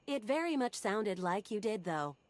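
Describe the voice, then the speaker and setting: Woman as polite AI assistant, calm formal delivery, game character. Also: mid-range voice, moderate pace, no echo, lightly acted.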